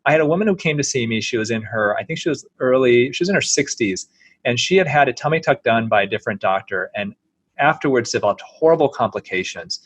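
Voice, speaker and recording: Husky-voiced man, earnest storyteller. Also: medium pitch, fast talker, no echo. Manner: earnest, animated anecdote telling. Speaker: plastic surgeon, interview guest. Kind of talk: storytelling in an interview.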